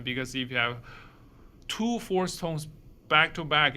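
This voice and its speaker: Male teacher, slow, bright, slightly high delivery, drawn-out example words. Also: a little hiss or hum. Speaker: Mandarin teacher. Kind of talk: short video language lesson.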